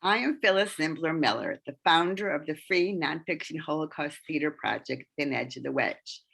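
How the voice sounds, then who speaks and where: A woman's voice: deep voice, animated, moderate pace, creaky, a bit bright, breathy edge. A woman from the American Midwest introducing herself on a podcast, wry and self-deprecating. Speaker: podcast co-host, theater project founder.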